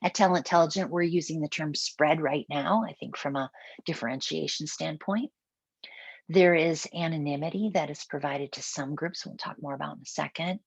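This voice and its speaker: A woman's voice: sits low, normal speed, creaky, husky, no echo. A woman with a Minnesotan accent facilitating a webinar roundtable, talking conversationally and thinking aloud with small restarts. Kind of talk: webinar presentation.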